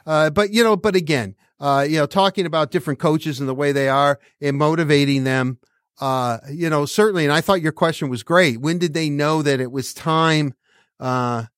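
A man's voice: on the high side, moderate pace, a bit bright, no room sound, clean studio sound. A man hosting a podcast in casual sports chat, rambling with many restarts and laughing as he talks. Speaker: podcast host.

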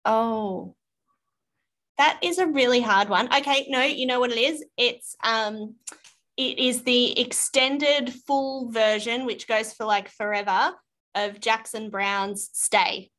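A woman's voice: fairly high pitch, slow pace, a bit bright. An Australian woman guesting on a podcast over a video call, chatty and self-deprecating, laughing easily. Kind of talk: casual interview chat.

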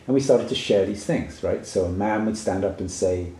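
Earnest man telling a story, low mellow voice. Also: moderate pace, roomy sound. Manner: earnest, reflective, checks in with "right?". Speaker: guest, workshop facilitator. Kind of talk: personal storytelling in a conversation.

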